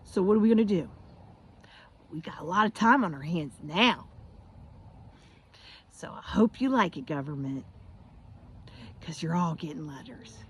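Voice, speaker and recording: A middle-aged American woman vlogger delivers an impassioned, blunt, profane monologue in a fairly low, husky voice. She speaks expressively but a little slowly, with long pauses, and occasionally mocks others in sing-song voices.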